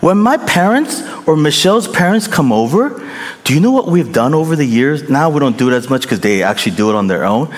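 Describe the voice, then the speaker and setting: A middle-aged male pastor preaching a sermon, animated and emphatic, repeating phrases for effect. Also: fairly high pitch, fairly quick. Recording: long reverb in large hall.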